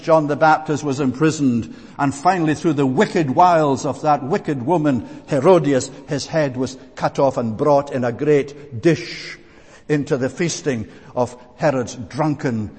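A man's voice: on the high side, a little mellow, husky. A man preaching a sermon, earnest and emphatic, with frequent "eh" fillers and restarts. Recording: long hall reverb.

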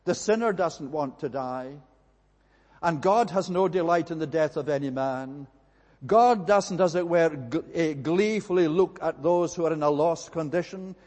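A man preaching a sermon in a slow, measured way, stressing his points through repetition. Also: fairly high pitch, a little mellow, in a large hall.

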